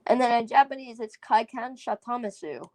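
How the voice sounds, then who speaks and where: Woman rambling on her podcast, kinda high voice, giggly, sounding out words. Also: lively intonation, normal speed, darkish tone, dry recording. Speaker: podcast host. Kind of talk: casual solo commentary.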